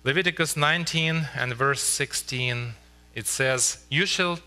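A man preaching a sermon as pastor in a church, earnest and pleading, slowing down for emphasis. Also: medium pitch, sharp tone. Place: church sanctuary.

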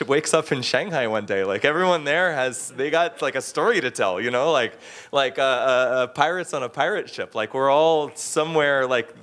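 A man giving casual, animated interview answers, full of fillers and restarts, who slips into playful voices when quoting people. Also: medium pitch. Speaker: interviewee, expat in the bar trade.

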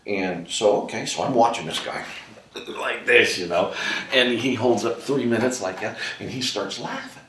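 A man being interviewed as a ventriloquist, telling animated anecdotes and laughing often. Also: mid-range voice, moderate pace, a little hiss or hum. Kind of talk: casual storytelling interview. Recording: roomy sound from a distant mic.

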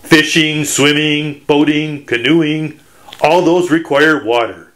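A man's voice: a little high, takes it slowly, fairly bright tone. A man from Michigan, a children's author, giving an educational talk for children in a teacherly, playful way with puns.

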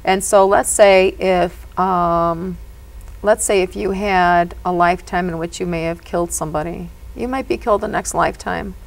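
Female medium guest with a fry in her voice, earnest and lively in conversation. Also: lowish voice, moderate pace, poor audio. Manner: animated and earnest, often says "you know". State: emotional at moments. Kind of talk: storytelling in a conversation.

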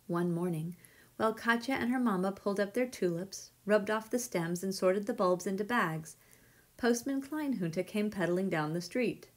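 A woman reading a children's picture book aloud with gentle, measured storytelling. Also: medium pitch.

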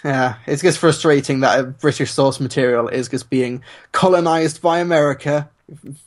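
A man's voice: fairly high pitch, fairly even intonation, moderate pace. A man co-hosting a podcast, talking casually with many ums and a dry sense of humor. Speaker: podcast co-host. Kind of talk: casual chat.

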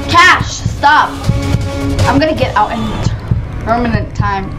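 Woman gaming, high voice, swooping lively pitch, unhurried, shrieks at scares, faint music behind. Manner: excitable, gasping and shrieking at scares; chatty, talks to viewers as "guys". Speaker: gaming channel host. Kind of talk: playing a video game with live commentary.

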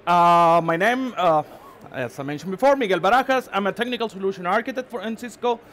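A man from Mexico with a Mexican accent gives a live tech talk at a conference. He speaks in a halting way, restarts words, and keeps checking in with the audience. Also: high-pitched, expressive, fairly bright tone, slight background noise. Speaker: conference presenter. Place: conference session room.

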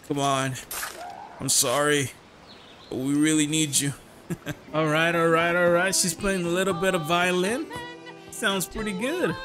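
A man giving casual, excitable commentary while he plays a video game, often laughing and talking to himself. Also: mid-range voice, background noise. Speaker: gaming channel host. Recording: voice over loud game music.

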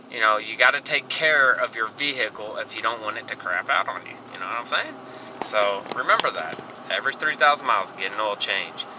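A man with a medium-pitched voice, recorded from a distance, vlogs a rambling, earnest motivational rant into a handheld camera while running errands. He restarts often. He's in a car and outdoors, with noisy car and street sounds behind him.

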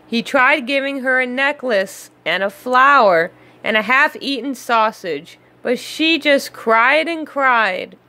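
Slow, bright-voiced woman reading a storybook. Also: high voice. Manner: expressive and unhurried. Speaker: children's story reader. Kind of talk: read-aloud storybook narration.

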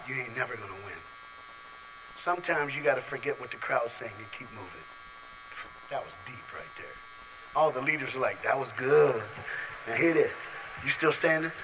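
A man preaching a lively youth sermon to a large live audience, playful and direct, calling on people in the crowd and swinging from soft asides to shouts. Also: medium pitch, background noise.

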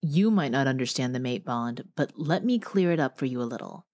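A woman's voice: very deep voice, animated, fairly quick, darkish tone. A woman voicing a brash, hot-tempered young male bear shifter who talks bluntly and swears, in an audiobook. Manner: blunt and profane.

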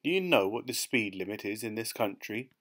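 A man voicing a big, menacing motorcycle policeman who talks softly and mockingly, then barks orders. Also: on the low side, expressive, fairly quick. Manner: soft and mocking, then barking.

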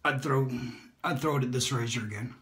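A man hosts a casual shaving vlog, rambling and thinking out loud as he works. His voice sits at an ordinary middle pitch. The sound bounces around a hard, echoey bathroom. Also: brisk. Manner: relaxed, rambling, self-talk while shaving. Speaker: shaving video host. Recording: echoey room.

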